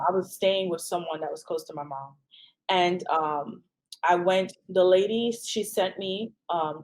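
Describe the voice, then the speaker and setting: Animated woman telling a story. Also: poor audio. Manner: animated storyteller, pitch jumps high when quoting people; frequent "um" and "right?". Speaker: podcast host. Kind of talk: casual chat.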